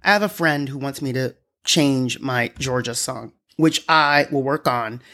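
Low-voiced sarcastic woman podcast host. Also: unhurried. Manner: sarcastic, swings into loud mocking voices. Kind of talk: solo political commentary podcast.

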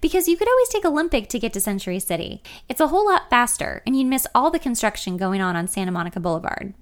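A woman's voice: fairly high pitch, sing-song, quick pace, pitched above the performer's own voice. A woman voicing a bossy, chatty pregnant young woman who always thinks she knows better, with a confident and slightly smug manner.

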